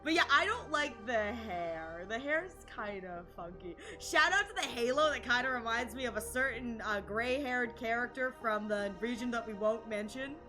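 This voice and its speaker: A woman streaming a game, gushing and bubbly, with quick excited asides. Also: fairly high pitch, music in the background. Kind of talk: excited live gameplay commentary.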